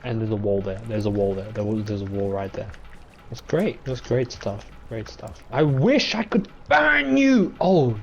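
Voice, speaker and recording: A man giving gameplay commentary, reacting loudly and talking to the creatures he meets on screen. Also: on the low side, moderate pace, lo-fi sound, slight background noise. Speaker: gameplay streamer.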